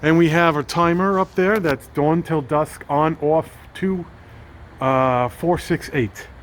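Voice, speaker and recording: A man's voice: on the high side, slow. Goofy man rambling outdoors. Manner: goofy, jokey, mock game show host patter. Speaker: home video host. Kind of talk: casual walkthrough vlog. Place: outdoors around a house. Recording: faint outdoor traffic noise.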